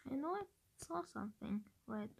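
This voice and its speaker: A woman's voice: fairly high pitch, lively intonation, moderate pace, creaky, a little mellow, husky. A woman from Romania chatting casually about her game predictions, thinking aloud with hesitant restarts. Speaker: gaming video creator. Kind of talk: casual game-theory chat.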